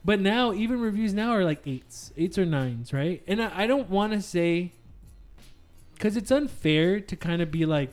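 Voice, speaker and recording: A man in casual gaming chat, animated and swearing freely as he tells stories from his streams. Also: high-pitched, moderate pace, faint music behind. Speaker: podcast co-host, streamer.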